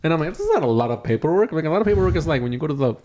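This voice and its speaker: A man's voice: fairly high pitch, very animated, rapid-fire, dark tone. A young man co-hosting a podcast, telling a long story in a casual chat, swearing often and acting out the voices of the people in it. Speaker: podcast co-host.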